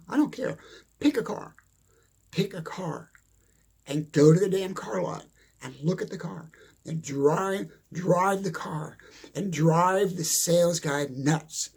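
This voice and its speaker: Man, middle-aged, motivational speaker, gravelly husky voice, blunt and emphatic, repeats himself. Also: a little high, takes it slowly, long pauses, a little mellow. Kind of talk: motivational monologue.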